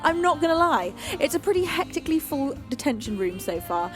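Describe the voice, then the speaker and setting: Gushing woman streamer, soft music behind. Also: sits high, big pitch swings, fairly quick. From United Kingdom. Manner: gushing, affectionate, calls viewers beans. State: recovering from a lost voice. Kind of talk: casual chat greeting live chat.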